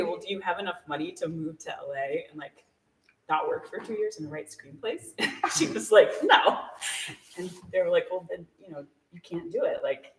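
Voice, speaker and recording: A medium-pitched guest tells a personal story at a live event in a small shop, chatty, laughing a lot, and leaning heavily on "like." Background noise is present, and the echoey room and distant mic place the voice far off.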